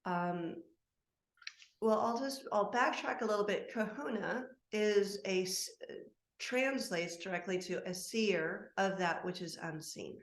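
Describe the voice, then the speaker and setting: A woman's voice: mid-range voice, unhurried. A woman guest speaking as a soul constellation practitioner in an interview, heartfelt and emotional, talking in spirited bursts. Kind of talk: earnest interview talk. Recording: echoey room.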